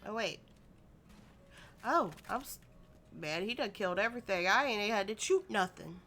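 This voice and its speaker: A woman's voice: mid-range voice, expressive, normal speed, a bit bright, a little hiss or hum. A young woman streamer giving playful, chatty commentary as she plays, often talking to the game itself. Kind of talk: casual gameplay commentary.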